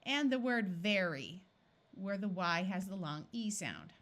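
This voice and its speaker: A woman with an American accent teaching a phonics reading lesson, sounding out words slowly and carefully. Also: mid-range voice, animated, a bit bright. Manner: clear, deliberate word-by-word enunciation. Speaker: reading tutor.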